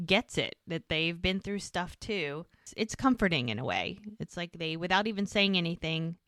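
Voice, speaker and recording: A woman's voice: fairly low pitch, lively intonation, normal speed, fairly bright tone, no room sound, studio quality. A woman co-hosting a podcast, casually recapping scenes and acting out the characters' lines. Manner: retells scenes acting out both sides in quotes. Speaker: podcast co-host.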